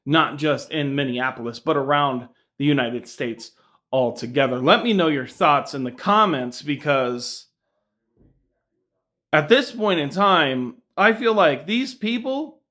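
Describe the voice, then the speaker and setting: A man's voice: a little high, expressive, a little slow, bright, forceful tone. A man giving earnest, emphatic video commentary and calling on viewers to comment. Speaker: social media commentator. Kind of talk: slow deliberate commentary.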